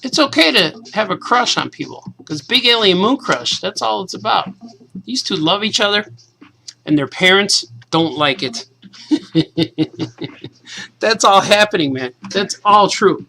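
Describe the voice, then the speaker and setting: A man in his forties, a cartoonist, casually and excitedly reading his comic aloud to kids. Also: high-pitched, measured pace, gravelly, slight background noise, low-quality recording. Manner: enthusiastic, casual, says "man" a lot.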